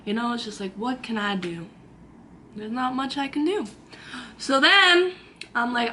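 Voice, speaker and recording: A young woman in her twenties tells a story straight to the camera, chatty and animated, acting out every quote. Her voice sits a little high and sounds bright and forceful. A faint hum of room noise runs underneath. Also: moderate pace. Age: 20s. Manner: animated, acts out quotes, lots of "like". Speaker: vlogger.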